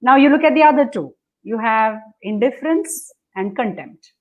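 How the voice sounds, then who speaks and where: A woman's voice: on the high side, animated, moderate pace, phone-quality sound. A woman coaching on relationships, dictating step by step over a video call and acting out the attitudes she describes. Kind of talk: instructive conversation.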